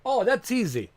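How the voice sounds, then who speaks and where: A man's voice: sits high, a little mellow, no room sound, studio quality. A man hosting a casual livestream from home, rambling and swearing with lots of fillers. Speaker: livestream host.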